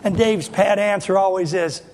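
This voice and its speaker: High-voiced preacher. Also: male voice, normal speed, a little mellow. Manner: folksy, emphatic preaching with repeated questions. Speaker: pastor. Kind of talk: sermon.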